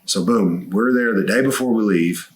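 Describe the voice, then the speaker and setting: A man's voice: fairly low pitch, normal speed. A man co-hosting a podcast, telling a long story in casual chat and swearing freely. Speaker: co-host.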